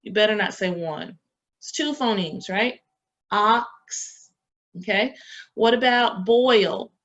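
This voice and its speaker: Woman, lecturing professor, middle pitch, quizzes students then answers, muffled lo-fi recording. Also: unhurried. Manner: quizzing, asks questions and answers them herself. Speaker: education professor. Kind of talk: lecture to teacher candidates.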